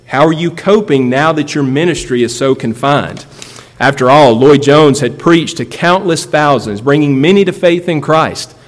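A man preaching a sermon as a pastor, emphatic, repeating key phrases for effect. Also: mid-range voice. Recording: long hall reverb.

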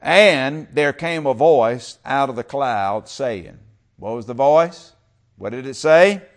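A man preaching a sermon in church, talking with the congregation and swinging from loud, stretched-out calls to quiet whispers. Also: medium pitch, animated, takes it slowly. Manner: talks with the congregation, calls for amen and uses y'all. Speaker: pastor.

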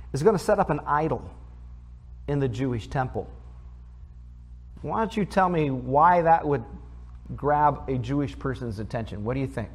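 A man's voice: a little high, darkish tone. A man, a pastor, reading scripture aloud and explaining it in a conversational sermon, asking the congregation questions. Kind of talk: sermon, Bible teaching.

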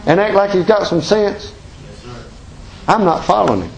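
A man's voice: high voice, animated, moderate pace, gravelly, low-quality recording. A man with a Southern American accent preaching a sermon as pastor, folksy and emphatic, full of rhetorical questions.

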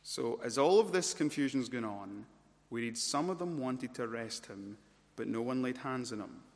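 A man preaching an expository sermon, working through a passage and getting louder and higher when he presses a point. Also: lively intonation, normal speed. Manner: rises to loud, high-pitched emphasis when stressing points. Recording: long hall reverb.

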